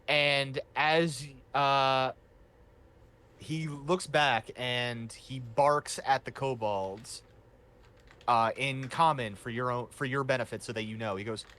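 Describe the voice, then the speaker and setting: Narrating a tabletop session as game master, this man speaks in a mid-range, fairly bright voice. His delivery is loose and full of fillers.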